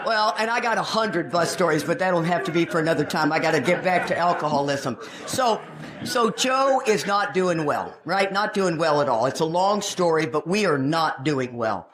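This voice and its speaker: A woman in her sixties from Texas, telling her own recovery story at a meeting in a frank, animated storytelling way with touches of humor. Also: low-pitched, normal speed, background noise. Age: 60s. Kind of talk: personal testimony at a recovery meeting. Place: meeting room.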